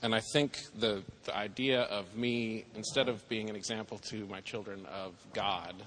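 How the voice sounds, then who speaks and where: Man, low voice, hesitant and searching, long reverb with faint room noise. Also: fairly even intonation, normal speed, fairly bright tone. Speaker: father and speaker on parenting. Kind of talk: casual talk on faith and parenting.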